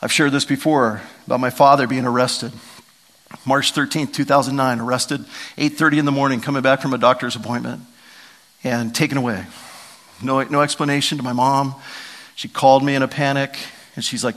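A middle-aged man preaching a sermon, telling stories with animated, dramatic emphasis. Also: mid-range voice, brisk. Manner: animated, storytelling, lively emphasis and dramatic vocal swings. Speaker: pastor.

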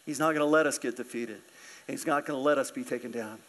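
A man voicing a calm, unshaken old male prophet, steady and reassuring. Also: medium pitch, fast, voice pushed down, natural voice.

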